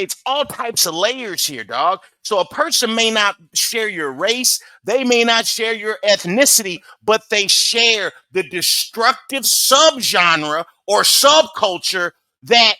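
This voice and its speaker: A man's voice: high voice, pushed and bright, no room sound. A man hosting a reaction video, talking emphatically and preachily as he comments on footage. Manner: emphatic, preachy, keeps saying "come on".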